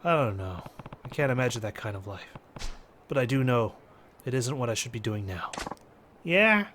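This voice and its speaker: A man's voice: medium pitch, lively intonation, moderate pace, a bit bright, slight background noise, lightly acted. Man reading a stoic young ex-yakuza fighter. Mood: stern. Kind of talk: amateur quote reading of game dialogue.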